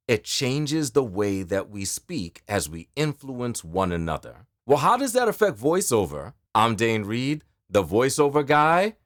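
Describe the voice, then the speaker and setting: A man with a New York accent, a voice actor speaking to camera in an expressive, emphatic storytelling delivery. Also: medium pitch, dry recording, studio quality. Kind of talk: direct-to-camera talk.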